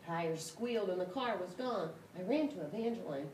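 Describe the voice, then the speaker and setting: A woman reads a storybook aloud with a low voice that swings widely in pitch. She is expressive and breaks into sudden shouts and yelps. The sound is echoey and distant, over a clear rumble. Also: moderate pace. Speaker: storybook reader. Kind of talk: reading a picture book aloud.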